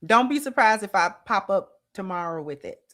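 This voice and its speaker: A woman's voice: mid-range voice, lively intonation, moderate pace, a bit bright. A woman host giving casual, colloquial commentary and speaking directly to her viewers.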